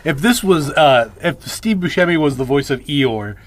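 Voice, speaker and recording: A man's voice: fairly high pitch, animated, noisy background. Chatty man co-hosting a podcast. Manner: chatty, quick agreeing interjections. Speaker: podcast co-host. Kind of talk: casual movie discussion.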